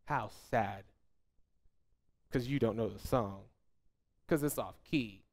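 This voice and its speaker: Preaching slowly and with fervor, this pastor leans on repeated phrases to make his emphatic sermon land. His voice sinks soft and low as each point closes.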